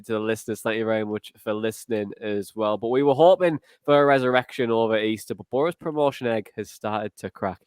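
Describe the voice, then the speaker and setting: A man hosts a football podcast with an upbeat, joking manner. His voice sounds smooth and clean, recorded close in a dry space with no room echo. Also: medium pitch, fairly bright tone. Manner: upbeat, jokey. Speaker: podcast host. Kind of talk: casual football chat.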